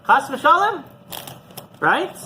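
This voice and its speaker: A man, a rabbi, teaching a class through an animated story and often checking in with the listeners. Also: very high-pitched, extremely slow, a little hiss or hum, rough recording. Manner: animated storyteller who often asks "right?".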